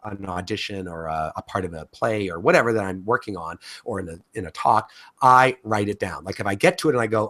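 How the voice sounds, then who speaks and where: A man's voice: fairly low pitch, animated, fairly quick, fairly bright tone. A man teaching a course in a casual, talkative way, with frequent fillers and restarts. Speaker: course instructor. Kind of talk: casual spoken lecture.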